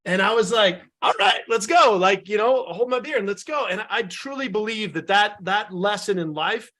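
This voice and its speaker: High-voiced man chatting casually on a call. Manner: relaxed and friendly, halting restarts, storytelling. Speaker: webinar co-host, business owner. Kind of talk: casual chat on a video call. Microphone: video call.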